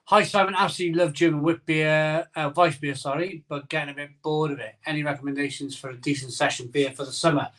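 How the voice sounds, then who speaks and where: His pitch fairly high and his tone fairly bright, a middle-aged man talks quickly and evenly with hardly any pauses. He's hosting a casual live stream from his home conservatory via phone camera, joking drowsily and reading out comments from viewers.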